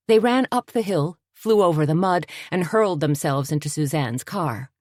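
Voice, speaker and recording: A woman narrating an audiobook in a steady, measured storytelling voice. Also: low-pitched, no room sound, clean studio sound.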